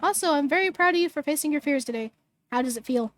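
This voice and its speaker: A woman reading the lines of a doting, upbeat father in a game, warm and encouraging. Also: sits high, expressive, fast talker. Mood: teasing. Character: doting suburban single dad, upbeat.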